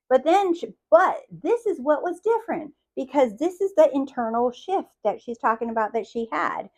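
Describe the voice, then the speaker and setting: Animated coach woman, higher voice. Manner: animated, keeps asking "do you see?"; acts out quotes with big swings in pitch and loudness. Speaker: manifestation coach. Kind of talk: motivational talk to viewers.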